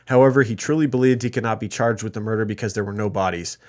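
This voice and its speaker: A man's voice: fairly low pitch, fast. A man co-hosting a true crime podcast, retelling a case from notes with jokey asides. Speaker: podcast co-host.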